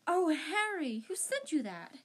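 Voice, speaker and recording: A serious, worried teenage girl witch, voiced by a woman reader, earnest and questioning. She speaks a little high and carefully. It comes from an amateur audiobook reading. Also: normal speed, close to an everyday voice.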